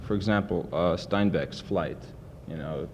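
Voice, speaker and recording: A man's voice: low-pitched, a little slow, a little mellow. A man from the audience asking a professor a question, hesitant and searching for examples. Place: university lecture event. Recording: muffled old archive tape with faint hiss.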